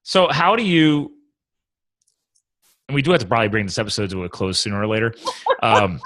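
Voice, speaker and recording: Fast-talking laid-back man host. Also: lowish voice, fairly bright tone, no room sound. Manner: rambling, jokey, laughs often. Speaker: podcast host. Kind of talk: casual conversational interview.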